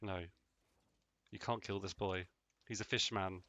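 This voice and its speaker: A man's voice: low-pitched, a little slow, no room sound, lo-fi sound. A man giving casual, rambling, jokey commentary while playing a video game on a close mic. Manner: rambling, jokey, deadpan asides. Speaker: let's play host.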